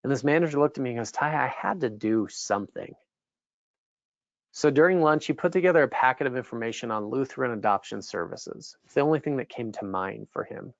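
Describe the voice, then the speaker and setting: A man giving a motivational speech, telling stories in an animated way and voicing the people he quotes. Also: medium pitch, quick pace, hardly any pauses, dry recording. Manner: animated storyteller, voices quoted characters. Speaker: keynote speaker. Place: event venue. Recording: dull, slightly muffled dry recording.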